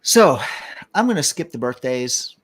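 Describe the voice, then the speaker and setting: A man's voice: medium pitch, sing-song, a little slow, breathy edge. An older man hosting a casual talk show, rambling in a jokey way and reading out one-liners. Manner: jokey, rambling, telling jokes. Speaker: show host.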